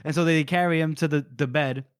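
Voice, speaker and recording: A man's voice: a little high, fairly even intonation, fast, clean tone, dry recording, clean studio sound. A man co-hosting a casual book podcast, retelling scenes animatedly, swearing and acting out the lines. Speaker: podcast co-host.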